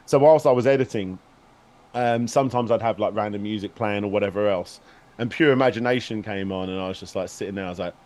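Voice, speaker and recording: A man's voice: on the low side, quick pace, a little mellow. A man telling a story in a casual stream chat, rambling and restarting as he goes. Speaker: guest, video maker.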